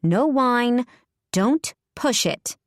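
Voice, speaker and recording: A woman's voice: a little high, animated, drawn-out words, no echo, clean studio sound, pitched above the performer's own voice, full character voice. A woman narrator voicing a young aunt who speaks firmly and protectively to her family. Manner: firm, protective. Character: peacekeeping aunt, young woman, firm when pushed.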